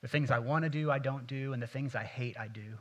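A man, a pastor, preaching a sermon and reading scripture aloud, building to louder, more intense passages. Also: mid-range voice, a little fast.

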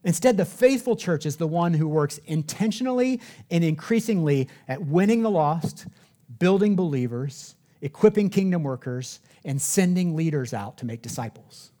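A man's voice: a little high, warm tone. A man preaching a sermon in a church sanctuary, telling stories and asking rhetorical questions in a conversational way. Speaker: pastor.

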